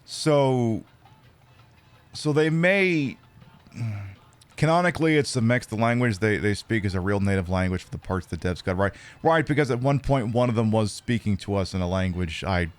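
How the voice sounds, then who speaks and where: A man's voice: fairly low pitch, normal speed. An American man chatting casually while streaming a game, rambling and stammering through restarts. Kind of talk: casual chat while gaming.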